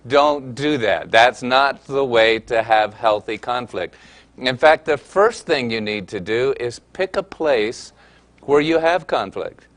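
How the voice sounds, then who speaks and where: A man with a middle-pitched voice gives a marriage-preparation lesson. He speaks in an earnest, folksy way and moves easily between teaching points and lively anecdotes. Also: takes it slowly. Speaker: counselor and teacher of a marriage course. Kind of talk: teaching session with storytelling.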